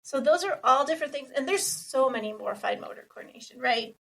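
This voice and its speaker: A woman podcast co-host with a high voice, sitting a little away from the mic. She explains steadily and runs through lists of examples. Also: animated, brisk, gravelly, fairly bright tone, distant mic, rough recording. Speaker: podcast co-host, occupational therapist. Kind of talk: casual podcast chat, explaining.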